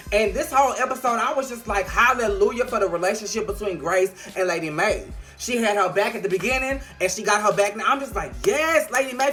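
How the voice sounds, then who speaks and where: Woman vlogger, sassy, profane, animated, bright sharp voice, faint music behind. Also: medium pitch. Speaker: TV show reviewer. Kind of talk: casual video review.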